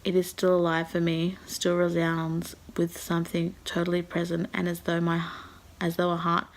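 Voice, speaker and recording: Woman, lowish voice, gravelly fry, reads aloud, emotional, sighing. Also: completely flat delivery, normal speed. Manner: emotional, sighing, half-whispered at times. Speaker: book vlogger. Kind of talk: reading aloud and reacting.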